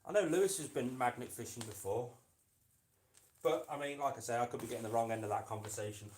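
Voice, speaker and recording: Talking fast in a medium-pitched, slightly dark voice, a channel host works on his pet lizard's enclosure indoors and affectionately calls it "mate" on a casual live stream. The room is echoey, with a bit of background noise.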